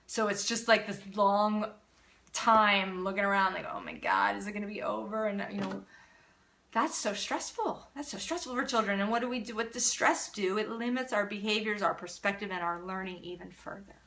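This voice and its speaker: A middle-aged woman hosting a live parenting Q&A, answering viewer comments in an earnest, animated way. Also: mid-range voice, normal speed. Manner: earnest, animated, acts out children's voices.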